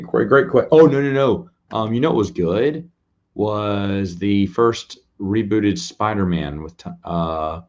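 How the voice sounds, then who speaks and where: The audio is dull, and the host's voice is lowish and a little mellow. Late at night on a casual live stream, he chats with viewers and answers their questions, rambling, running himself down, and laughing frequently.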